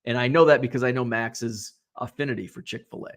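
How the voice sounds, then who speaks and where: A man's voice: mid-range voice, a little fast. A middle-aged man hosting a casual live stream, reading viewer comments aloud and chatting back. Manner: chatty, animated, reads comments aloud and reacts. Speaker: host.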